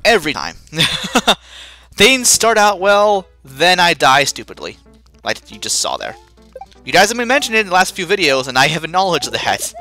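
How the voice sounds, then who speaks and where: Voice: mid-range voice, big pitch swings, moderate pace, pushed and bright. A let's play host giving self-mocking gameplay commentary, with sudden panicky outbursts. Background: faint game music.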